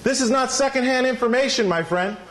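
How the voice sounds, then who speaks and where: High-voiced man preaching a sermon. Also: fairly quick, fairly bright tone. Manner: emphatic, calls for congregation responses. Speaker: pastor. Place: church sanctuary.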